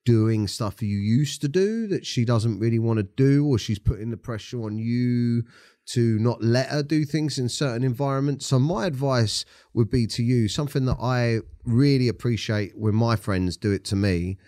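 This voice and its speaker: A man's voice: medium pitch, moderate pace, mellow, no echo, clean studio sound. A man co-hosting a podcast, giving reflective, supportive advice to a listener. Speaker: podcast co-host. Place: podcast studio.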